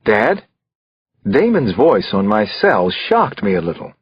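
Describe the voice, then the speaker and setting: A male narrator reads a thriller with an expressive delivery, and his pitch rises and falls a lot. His voice has a husky grain. The recording is dry, close and a little dull. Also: a little slow, dry recording. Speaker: audiobook narrator.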